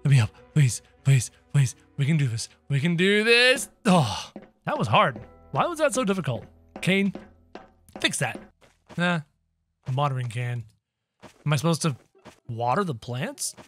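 Male let's-play commentator, high and very animated, playful and excitable. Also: unhurried, pauses often, soft background music. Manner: excitable and jokey, talking to viewers. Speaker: gaming commentator.

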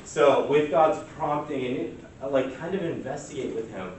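A man's voice: a little high, moderate pace, noisy background. A man leading a church workshop in a casual, chatty way, often slipping into quoted asides. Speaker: workshop presenter. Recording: echoey distant room recording.

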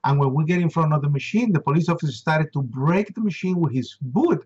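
A man's voice: expressive, brisk, darkish tone, slightly rough. A middle-aged man from Puerto Rico recounting an eyewitness story with emotion, acting out the voices of people he quotes. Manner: acts out quoted voices with rising pitch. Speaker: interview guest. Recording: dull lo-fi recording.

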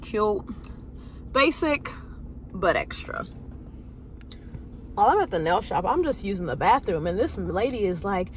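A woman's voice: medium pitch, measured pace, pauses often, a little hiss or hum. A young woman vlogging, telling stories casually and sassily to the camera, acting out the people she quotes. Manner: animated, sassy, acts out quoted voices.

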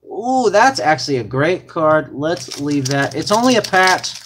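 A young man hosting a live card break, excitedly calling out cards to his viewers. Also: on the high side, a little slow, background noise. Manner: excited, hyped-up, talks to viewers as "guys" and "man".

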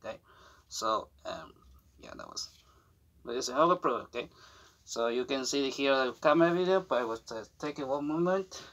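A man's voice: medium pitch, lively intonation, fairly bright tone, a little hiss or hum. A young man chatting to camera about a new jacket, his English broken and non-native. He rambles, trips over his words, restarts often and giggles between phrases. The talk is loose and unscripted, like a casual unboxing vlog. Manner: rambling, halting, with frequent fillers, restarts and giggles. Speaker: vlogger showing off a new jacket.

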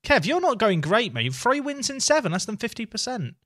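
Teasing male streamer with lively pitch. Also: a little fast. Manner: dry teasing, mock-accusing. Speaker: streamer and host. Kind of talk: casual banter on a game stream.

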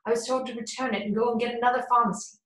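A woman's voice: a little high, steady tone, racing, fairly bright tone, natural voice. Woman reading as a frightened loyal male butler. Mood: worried. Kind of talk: audiobook character voice. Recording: roomy echo.

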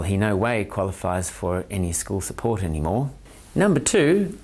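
A man's voice: lowish voice, darkish tone, slight background noise. A man with an Australian accent, a parent presenting a scripted talk in an earnest, methodical way, counting off his points by number. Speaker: parent and autism training promoter.

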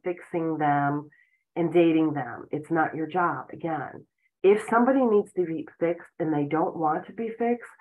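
A woman giving an earnest self-help talk as a relationship and spiritual coach, explaining points with frequent "you know"s. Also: sits low. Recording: tinny phone-like audio.

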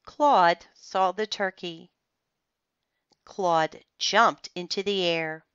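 A woman reading a children's chapter book aloud in a slow, careful and expressive manner. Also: lowish voice, smooth, dry recording. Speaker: storybook reader. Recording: slightly dull, muffled recording.

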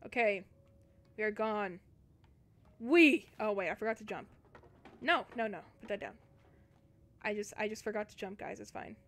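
A female Twitch streamer offers live gameplay commentary, chatting with her viewers as she plays in a jumpy, talkative way. Her voice is mid-range and fairly bright, at normal speed with long pauses.

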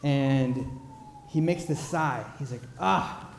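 Mellow-voiced preacher in an echoing church. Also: male voice, fairly high pitch, slight background noise. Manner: earnest, unhurried storytelling with pauses. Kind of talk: sermon storytelling. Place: large church sanctuary. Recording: echoey church hall with long reverb.

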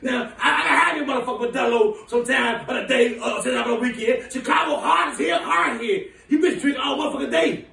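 A man playing a furious, foul-mouthed woman who runs a big city, ranting in shouts and laughter. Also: very high-pitched, animated, fast talker, creaky, hardly any pauses, full character voice. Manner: shouting, profane, laughing rants. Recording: echoey room, voice from far off.

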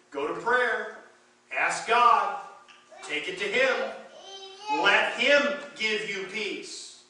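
A man preaching with a high, bright voice that swings between quiet reflection and emphatic force. The sound is heard from a distance in a very echoey church sanctuary, with a faint noise floor under it. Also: lively intonation, takes it slowly. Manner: emphatic preaching with rising and falling intensity. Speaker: pastor. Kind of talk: sermon.

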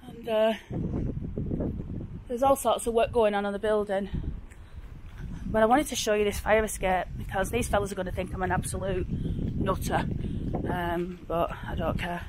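A woman from Oldham with an Oldham accent edging toward Yorkshire, chatting excitedly as she films a walking tour outdoors on a handheld phone. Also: mid-range voice, moderate pace, long pauses, very noisy. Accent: Oldham, with creeping Yorkshire. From Oldham, northwest England. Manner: chatty, exclamatory, rambling. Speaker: vlogger. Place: outdoors on streets. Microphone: handheld phone camera.

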